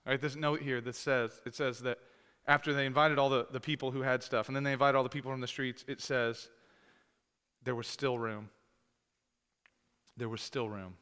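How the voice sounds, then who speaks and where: A man preaching a sermon as pastor, talking conversationally and rising to loud, emphatic scripture reading. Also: medium pitch, fairly even intonation, a little fast, clean tone. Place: church sanctuary. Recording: long hall reverb.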